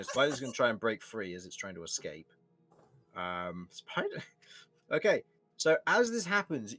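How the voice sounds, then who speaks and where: A young man narrating as game master, relaxed and often laughing, with frequent restarts. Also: a little high.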